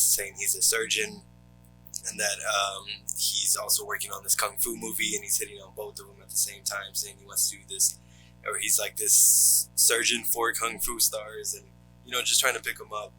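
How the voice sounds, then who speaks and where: A man with a low voice and a very bright, forward tone walks through a film plot in a relaxed podcast chat. He fills his pauses with ums and uhs, and soft guitar music plays faintly behind him. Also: rough recording. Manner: steady recap, frequent ums and uhs. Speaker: podcast co-host. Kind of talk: casual movie recap chat.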